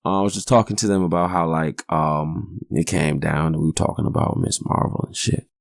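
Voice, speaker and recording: A man's voice: rumbling low, fairly even intonation, fairly quick, vocal fry, no room sound, clean studio sound. A man in his forties hosting a podcast, telling stories in a rambling, profane, joking way. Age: 40s. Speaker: podcast host. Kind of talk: casual storytelling monologue.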